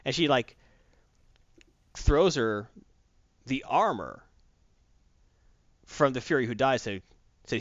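A man casually recapping a comic book story as a podcast host, jumping into quick character voices as he retells it. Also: medium pitch, sing-song, a bit bright, no echo, dull audio.

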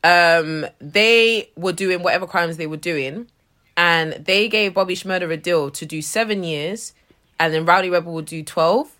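A woman's voice: lowish voice, a little slow, a bit bright. A woman co-hosting a casual podcast, explaining stories animatedly and full of slang. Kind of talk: casual banter.

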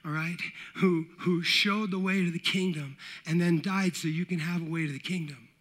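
Guy preaching, high bright voice, chatty, keeps saying all right. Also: fairly even intonation, moderate pace. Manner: conversational, repeats "all right" often, rises to shouts at high points. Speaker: pastor. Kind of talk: sermon.

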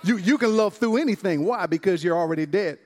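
A man's voice: high-pitched, fast talker, darkish tone, big-room sound. A man preaching a sermon to a church congregation, exuberant and calling out to them. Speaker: pastor. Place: church service.

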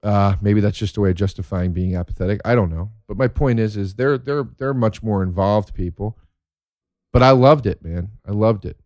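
A man's voice: fairly low pitch, normal speed, darkish tone, no room sound, studio quality. A man telling rambling, profane stories in a casual monologue, easily worked up about the things he loves.

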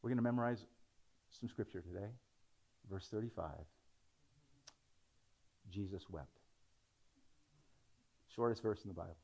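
A man's voice: on the low side, unhurried, vocal fry, pauses often, mellow, breathy edge. A man preaching a sermon, talking conversationally and building into dramatic scripture readings.

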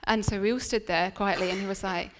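A woman's voice: medium pitch, steady tone, fast talker, a bit bright, slight background noise. Woman preaching in a reverberant hall. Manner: earnest, chatty storytelling with restarts. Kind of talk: sermon. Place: church venue. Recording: long reverb of a church hall.

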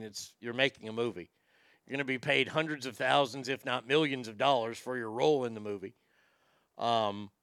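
Brief: sarcastic male host, bright crisp voice, dry close mic. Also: mid-range voice, no echo. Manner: sarcastic, dismissive, stumbling restarts. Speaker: podcast host. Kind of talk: opinionated talk show monologue.

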